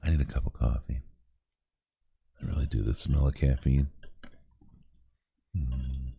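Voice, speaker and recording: A man's voice: a bass voice, steady tone, a little slow, creaky, muffled recording, a little hiss or hum. A man hosting a late-night charity podcast, reading out live comments, joking and laughing often, tired. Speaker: podcast host.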